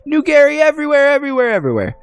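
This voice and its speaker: A man voicing an excitable little male goblin who stammers and mangles his grammar in a high, squeaky voice. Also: rapid-fire, no room sound, soft background music, heavily acted.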